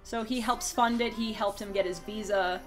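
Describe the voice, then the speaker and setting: A woman's voice: medium pitch, fairly even intonation, moderate pace, faint music behind. A woman chatting casually on a livestream, rambling with fillers and restarts while she explains a character. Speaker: streamer.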